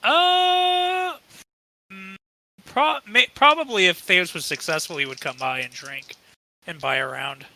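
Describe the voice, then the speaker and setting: A man's voice: high voice, lively intonation, sharp tone, poor audio. A man playing a tabletop game with friends, chatting casually in a playful, joking way. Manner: playful, joking, quick to laugh.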